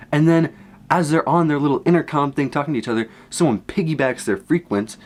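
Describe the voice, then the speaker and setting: A young man casually recapping a movie from memory, rambling and excitable, jumping from low asides to high exclamations. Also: a little fast, faint music behind. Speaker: content creator.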